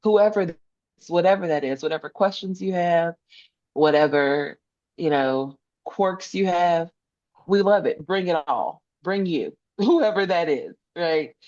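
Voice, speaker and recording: A woman's voice: on the low side, unhurried, a little mellow. Earnest woman guest, lo-fi sound. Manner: earnest, emphatic, repeats phrases for emphasis. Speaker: podcast guest, social worker. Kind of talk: conversational interview.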